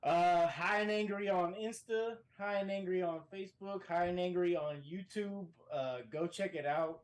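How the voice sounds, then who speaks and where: A man talking as a guest on a casual podcast from a hotel room, telling profane, animated stories. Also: high-pitched, moderate pace.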